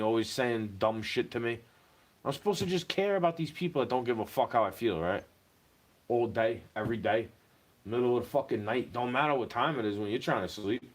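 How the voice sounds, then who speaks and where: Speaking briskly with lively intonation and a medium pitch, a male vlogger rants through a rambling, profane monologue. His voice climbs in agitated bursts, then falls back.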